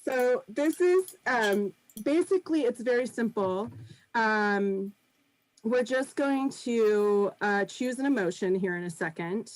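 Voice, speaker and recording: Appearing as a guest on a video-call podcast, a woman who performs improv and founded a business chats casually and thoughtfully, often saying um and laughing lightly. Her voice is a little high and slow-paced, on a dry recording with poor audio.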